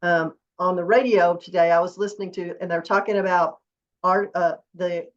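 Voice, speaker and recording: A lower-voiced woman from Texas co-hosts a casual political chat. She agrees steadily with her co-host and reads passages aloud. Her sound comes through dull and muffled. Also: steady tone, moderate pace.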